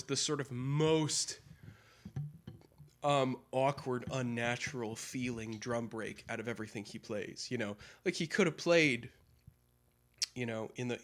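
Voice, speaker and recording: Casual male drummer, mid-pitched, meandering explainer who scats patterns. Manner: rambling, hesitant with fillers, scats drum and guitar patterns aloud. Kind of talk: casual practice-session chat.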